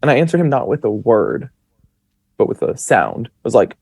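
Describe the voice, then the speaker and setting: A man's voice: medium pitch, very animated, moderate pace, darkish tone, breathy edge, no room sound. Chatty young man telling stories. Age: 20s. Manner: chatty, rambling with many fillers and quoted self-talk. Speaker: podcast guest. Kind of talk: casual storytelling.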